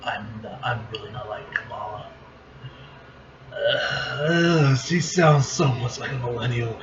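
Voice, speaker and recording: A man's voice: medium pitch, measured pace. A young man casually reacting to a comic he reads aloud, blunt and profane. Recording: lo-fi recording with faint noise.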